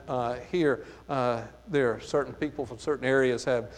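A man's voice: medium pitch, steady tone, normal speed, hardly any pauses. A man with a light Southern US accent teaching a Bible study sermon. He reads verses aloud and then explains them, with frequent "uh, there" fillers. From American South. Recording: long reverb of a hall.

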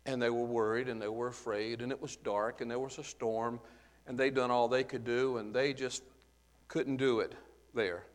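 A man delivers an earnest, explanatory Bible-teaching sermon at a middle pitch. His voice carries a long reverb, as if he is speaking in a large hall. He often pauses on small "uh" fillers as he explains the verses. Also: steady tone. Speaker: preacher.

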